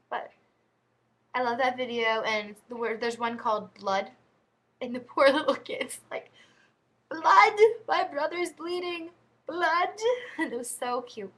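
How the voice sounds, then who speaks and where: A chatty woman vlogger rambles through her stories with frequent giggles. Her voice is sharp and bright and sits a little high for a woman. She talks straight to her viewers. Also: lively intonation, moderate pace. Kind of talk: casual storytelling to camera.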